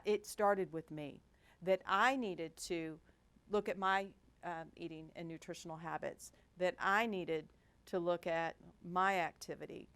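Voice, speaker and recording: At a lecture event, a middle-aged woman who is a hospital executive gives a storytelling business talk in a fairly low, clear, resonant voice. She's animated and tells workplace stories with self-deprecating humor, acting out the voices she quotes.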